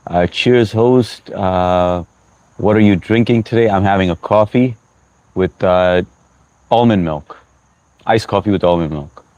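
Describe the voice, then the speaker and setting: Sleepy and friendly, this young US livestream host chats casually, welcoming chatters by name and mixing in bits of Hindi. He speaks a little slowly in a deep, slightly mellow voice with no echo, clearly running low on sleep.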